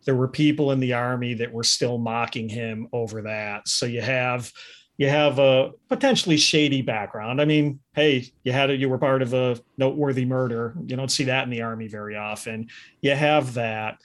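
Man, podcast host, mid pitch, emphatic, conversational. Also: steady tone, normal speed. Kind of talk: casual history discussion.

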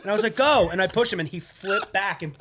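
Podcast co-host, man, slightly high voice, chatty storyteller who builds to the punchline. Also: fast, over loud music. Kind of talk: casual chat.

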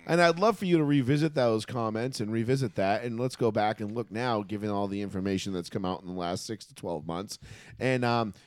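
A man's voice: lowish voice, brisk, dry recording. A man co-hosting a casual sports podcast, ranting and cursing, often breaking into laughter. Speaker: podcast co-host.

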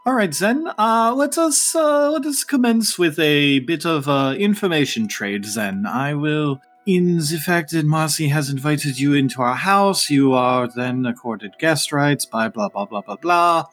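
A man's voice: a little high, expressive, measured pace, few pauses, fairly bright tone, faint music behind. A man voicing a flustered, formal fae law student roommate, a young woman, speaking stiffly and over-politely. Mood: prim, formal.

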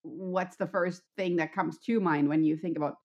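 A woman's voice: lowish voice, fairly even intonation, moderate pace, a little mellow, husky. A woman from Germany with a German accent, a podcast guest speaking in a friendly, upbeat, explanatory way. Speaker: podcast guest, wellness coach. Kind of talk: conversational interview.

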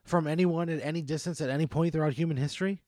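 Casting: man, slightly high voice, fed-up comic rants, dry close mic. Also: steady tone, fast talker, darkish tone, no echo. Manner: exasperated, profane outbursts. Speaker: podcast co-host answering a hypothetical. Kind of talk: comedic banter.

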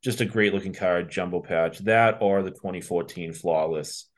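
A man's voice: sits low, normal speed. A man with a Boston accent, a podcast guest giving candid, rambling answers in casual chat.

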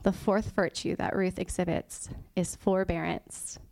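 A woman's voice: on the low side, flat delivery, a little slow, creaky, a little mellow, no echo. Chatty woman preaching a sermon. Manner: chatty and informal, laughs often, drops to a whisper for emphasis. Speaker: guest church teacher. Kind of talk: conversational sermon.

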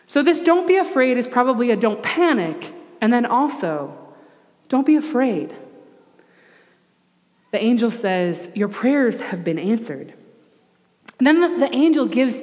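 A young adult woman giving a sermon as a pastor, in a conversational and animated way with playful asides. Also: a little high. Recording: long reverb of a large hall.

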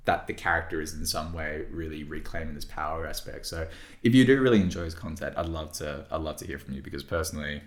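A man with a very deep voice talks through his views on a podcast, stopping and restarting as he thinks aloud. The room around him adds a noticeable echo. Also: fast. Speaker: podcast co-host. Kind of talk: casual discussion.

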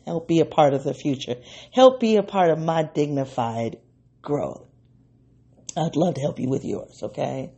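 A woman hosting an unscripted solo podcast, talking in an excitable, rambling way and laughing often. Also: normal speed. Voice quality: low, gravelly and husky. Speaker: podcast host.

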